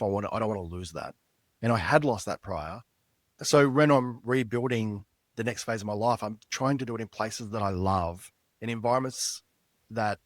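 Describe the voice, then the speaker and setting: On a dry recording, a middle-aged man with a voice on the low side speaks as a guest author. In this storytelling interview for a podcast, he shares something personal, sounding earnest and reflective.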